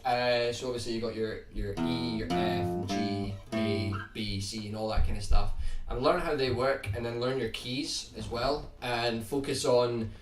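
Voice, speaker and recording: A young Scottish man with a toned-down accent, chatting casually to viewers on his guitar livestream in a relaxed, rambling way, often restarting his words. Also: mid-range voice, a little slow, recorded from a distance. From Scotland. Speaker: guitar YouTuber hosting a livestream. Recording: roomy sound from off the mic, faint background hiss.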